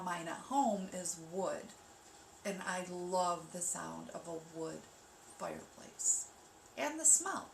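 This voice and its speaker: A woman hosting a livestream from home, giving a gentle, reassuring guided grounding talk that drops to a hush for breathing counts. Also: mid-range voice, vocal fry. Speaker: wellness livestream host. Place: home room with rain sounds on the TV. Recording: echoey room, mic at a distance, steady background noise.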